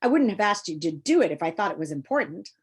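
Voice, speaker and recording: A woman's voice: lowish voice, big pitch swings, quick pace, slightly rough. A woman voicing a sly, sneering male demon of petty tasks in a storybook reading, menacing and coaxing. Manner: menacing, then soft and deceitful.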